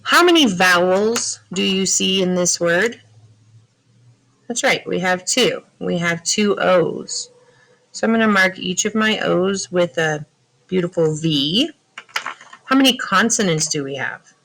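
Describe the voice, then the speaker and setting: Slow, patient woman teaching phonics. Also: fairly low pitch, lively intonation, a bit bright, slight background noise, low-quality recording. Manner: patient, asks questions and answers them herself. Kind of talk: slow classroom phonics lesson.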